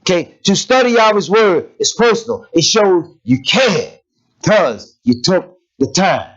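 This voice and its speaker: Lively, laughing preacher man. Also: high-pitched, unhurried. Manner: lively conversational preaching with rhetorical questions and laughter. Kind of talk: sermon. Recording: dull lo-fi recording.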